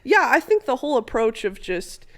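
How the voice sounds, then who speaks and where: A woman's voice: sits high, sing-song, normal speed, a bit bright. A woman in her twenties, a podcast guest, chatting casually and animatedly, laughing and swearing freely. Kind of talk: casual chat.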